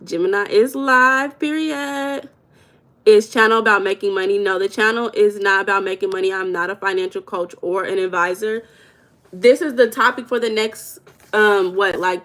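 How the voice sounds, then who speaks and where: A woman with a Southern US accent hosts a casual livestream, chatting directly to viewers, calling them "y'all," and reading their comments aloud. Her voice is mid-range and a bit bright.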